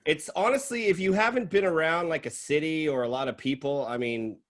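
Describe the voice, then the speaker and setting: A man's voice: a little high, fairly quick, fairly bright tone. A male host in a casual interview, easygoing and agreeable, often calling his guest "man". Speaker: podcast host.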